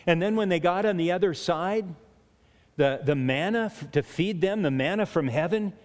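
Chatty preacher in an echoing hall. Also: male voice, high voice, lively intonation, normal speed, a little mellow. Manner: chatty, restarts, chuckles between points. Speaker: pastor. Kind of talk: sermon. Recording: long hall reverb.

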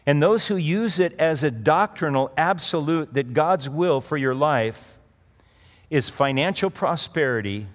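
A middle-aged male pastor giving a sermon in a conversational way, with asides and restarts as he tells a story. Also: mid-range voice. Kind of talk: sermon with personal anecdote. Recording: long reverb of a large hall.

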